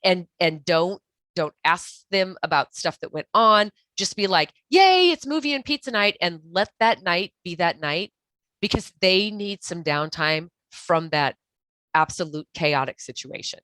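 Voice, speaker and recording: This is a woman's lowish voice, recorded close and dry on a podcast mic. She speaks as a guest expert and gives earnest, practical advice, restarting her sentences as she goes. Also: unhurried, sharp tone, no echo. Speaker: guest expert on toxic relationships. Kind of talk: podcast interview.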